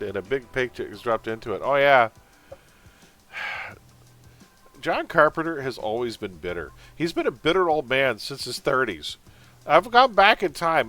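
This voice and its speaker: A man's voice: medium pitch, a bit bright. A man chatting casually on a live game stream, rambling and opinionated, often calling his viewers folks. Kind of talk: casual gaming stream chat.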